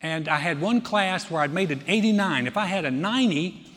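High-voiced man preaching in a reverberant hall. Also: lively intonation, fairly quick. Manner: conversational preaching that builds to loud fervor. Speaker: pastor. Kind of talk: sermon.

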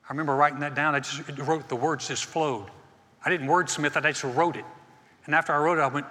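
A male pastor delivers a lively, folksy sermon, slipping into little acted-out conversations. His voice sits a bit high and rings bright, and it carries a long reverb from the church hall. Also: fast talker. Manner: folksy, animated, acts out quoted dialogue.

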